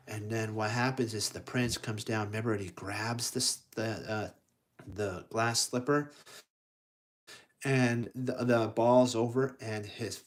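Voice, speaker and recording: A man telling a children's story aloud in a loose, rambling way, often restarting his words. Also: medium pitch.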